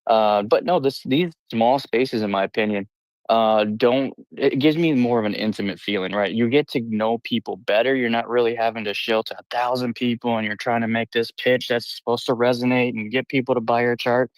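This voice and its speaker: A man's voice: mid-range voice, normal speed, dry recording, rough recording. A man joining a live stream as a guest, friendly and enthusiastic, talking casually in crypto slang.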